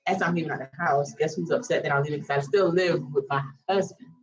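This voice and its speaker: A woman's voice: low-pitched, fairly even intonation, fast. A woman vlogger telling a candid personal story in a frank, casual way, swearing freely. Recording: slightly dull lo-fi audio.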